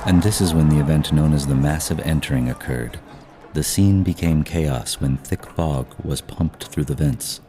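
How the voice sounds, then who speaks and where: Very deep, dark male narrator. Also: normal speed, soft background music. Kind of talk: scripted narration.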